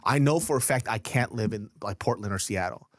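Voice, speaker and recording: A man's voice: lowish voice, fairly quick, no room sound, clean studio sound. A man co-hosting a podcast, grumbling and swearing in laid-back casual chat. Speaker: podcast co-host.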